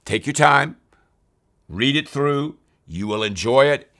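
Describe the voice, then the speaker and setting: This man leads his weekly Bible study slowly and with animation, his medium-pitched voice fairly bright and earnest. Guiding the group through scripture, he stresses key phrases by repeating them, and quoting a passage makes his voice climb with intensity.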